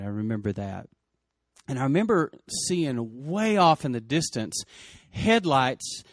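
A middle-aged man with a drawl recounts a memory with earnest feeling, his voice rising in urgent bursts and sinking low and quiet. The sound is close and dry, with no room around it. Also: no echo. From West Texas. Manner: earnest, emotional, quick surges and hushed drops. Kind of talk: personal storytelling.

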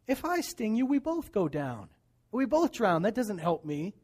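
A coaxing scorpion, as a preacher tells it. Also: male voice, sits high, very animated, measured pace, darkish tone, breathy edge, pitched above the performer's own voice, full character voice. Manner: persuasive, then matter-of-fact. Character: sly scorpion, smooth-talking then shrugging.

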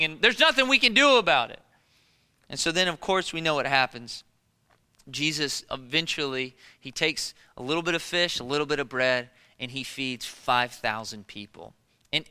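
A man preaching a sermon as a pastor, animated and conversational, with lots of rhetorical questions. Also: fairly high pitch, clean tone, long reverb tail.

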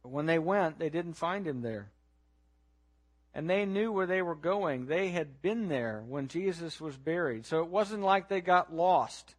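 Male preacher, high voice, dramatic storytelling sermon with hushed lows and loud peaks. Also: expressive, a little slow. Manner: asks listeners to imagine the scene.

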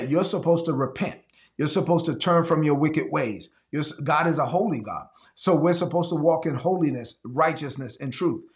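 A man preaching a sermon, emphatic, repeating key lines slowly and acting out quick little dialogues. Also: a little high. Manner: acts out quick back-and-forth dialogues.

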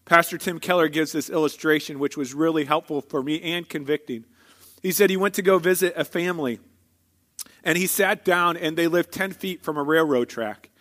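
A man with a fairly high voice preaching a sermon. He talks in a relaxed, storytelling way and keeps turning to the congregation with rhetorical questions. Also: moderate pace. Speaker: pastor.

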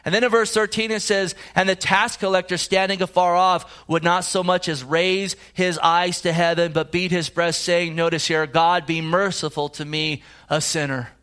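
A man's voice: high voice, fairly even intonation, moderate pace, hardly any pauses, fairly bright tone, clear, resonant tone. Man preaching a sermon. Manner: preaching with rising emphasis and direct questions to the congregation. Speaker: pastor.

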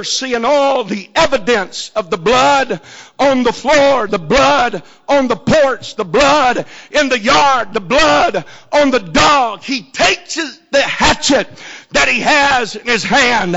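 A man preaching a sermon, telling a story slowly and building to shouted climaxes. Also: extremely high pitch, lively intonation, creaky. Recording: dull lo-fi recording.

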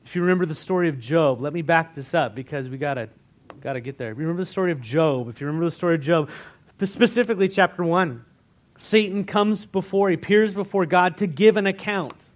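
Man preaching a casual, lively sermon. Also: a little high, fairly quick. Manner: conversational, asks the congregation questions; animated, retells scripture in everyday words. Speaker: pastor.

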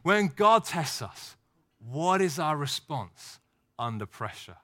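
A man's voice: fairly high pitch, sing-song, slow pace, fairly bright tone. A man preaching a sermon, telling a story and acting out short outbursts. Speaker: pastor.

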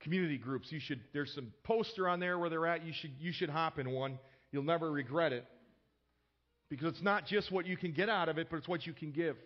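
Conversational pastor with a dull lo-fi sound. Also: male voice, fairly high pitch. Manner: conversational, repeats words when starting sentences. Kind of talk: sermon with personal story.

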